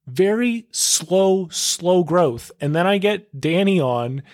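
A young man hosting his own podcast, talking on his own in a casual, excitable way, full of filler words and calling his listeners "dude". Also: high-pitched, slow pace, no room sound, studio quality. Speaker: podcast host. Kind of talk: casual solo podcast monologue.

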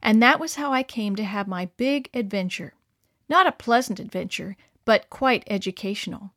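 A woman reading a story aloud to children in a cheerful, expressive storybook manner. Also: medium pitch, moderate pace, dry recording, studio quality.

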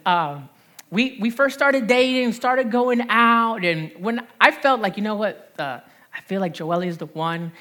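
A woman in her thirties with a New Jersey accent, preaching a lively sermon with call-and-response and repeated phrases. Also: on the low side. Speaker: pastor.

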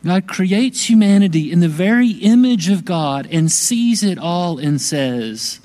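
Slow, mellow-voiced male pastor. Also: high-pitched, animated, poor audio. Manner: slow, gentle and reflective, with long pauses. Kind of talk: sermon.

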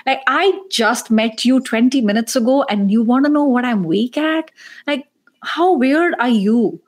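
A woman's voice: a little high, measured pace. A woman career coach and podcast host talking animatedly in a casual panel discussion, joking and exasperated.

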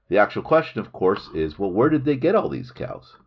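A middle-aged man hosting a podcast, explaining a Bible chapter in a lively storytelling manner. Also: lowish voice, fairly quick, few pauses, breathy edge, lo-fi sound. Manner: lively explanatory storytelling, reads Hebrew aloud. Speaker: podcast host. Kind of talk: Bible study podcast lecture. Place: home recording room in the hills.

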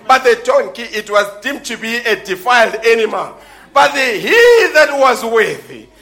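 A man preaching a fervent sermon in a church, often building into shouts. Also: very high voice. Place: church before a congregation.

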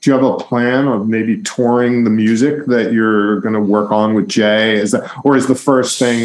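Middle aged ny host, talks fast and rambles, lowish voice, roomy echo. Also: male voice, fairly even intonation, a little mellow. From New York. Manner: talkative, quick, rambling asides. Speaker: interviewer host. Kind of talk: casual interview chat.

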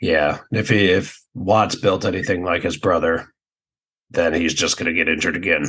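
A man's voice: sits low, fairly even intonation, normal speed, a bit bright, husky. A man co-hosting a casual sports betting podcast, laid-back and profane. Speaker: podcast co-host.

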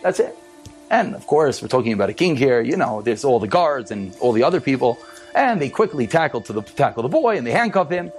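A man telling a dramatic story as a sermon, in an animated storytelling manner. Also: medium pitch, brisk, soft background music, low-quality recording.

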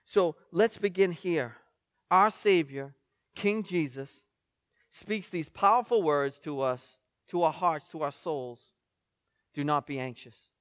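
A man's voice: a little high, slow, no room sound. A male pastor in his forties, reading scripture and telling a story in a sermon with mounting intensity. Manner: storytelling preacher, rising in intensity.

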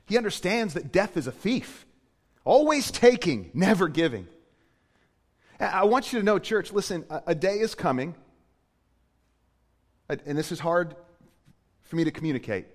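A man preaches a sermon with a slightly high voice, dropping to hushed tones before rising into loud, emphatic lines. His voice rings with the long reverb of a church hall. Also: sing-song, normal speed, pauses often. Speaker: pastor.

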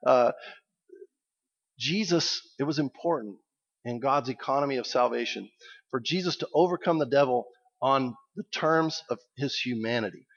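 A man's voice: mid-range voice, moderate pace. Conversational male pastor preaching. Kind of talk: sermon. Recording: dull lo-fi recording.

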